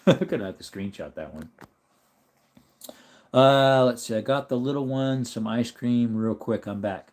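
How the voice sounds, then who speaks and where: A relaxed American man hosts a live stream from his home, talking casually and reading out comments from the chat. His delivery is loose and chatty, often broken up by laughter. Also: mid-range voice, measured pace, long pauses. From United States.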